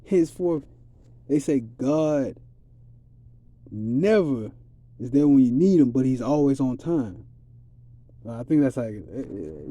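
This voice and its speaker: A man's voice: medium pitch, lively intonation, slow, long pauses, warm tone, dry recording. A man giving a rambling, streetwise spiritual monologue in a casual, preachy way. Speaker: vlogger.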